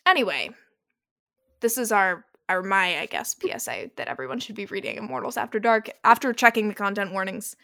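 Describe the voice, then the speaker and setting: A woman co-hosting a casual podcast, chatting eagerly about books she loves. Her voice carries a gravelly, fry-tinged edge at a middle pitch. She talks quickly when she gets excited. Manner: gushing, enthusiastic about books. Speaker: podcast co-host. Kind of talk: casual chat.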